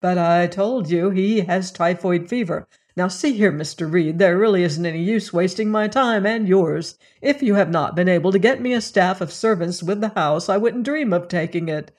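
A narrator voicing a good-tempered young gentleman who answers with frivolous, dry wit, read as a character in an audiobook. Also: mid-range voice, lightly acted. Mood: breezy. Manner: frivolous, dry and quick-witted.

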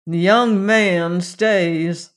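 A narrator voicing a laconic, steely gunfighter who speaks in a low, slow drawl in a western audiobook story. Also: steady tone. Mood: steely calm. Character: laconic cold gunman rider, calm and steely.

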